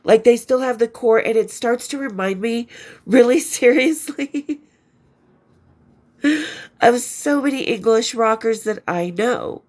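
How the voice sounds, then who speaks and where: Woman, podcast host, casual chat, enthusiastic, rambling, swears, slightly high voice, stuffy nose. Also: a little slow, pauses often, a little mellow. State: stuffy from allergies. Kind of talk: casual film review chat.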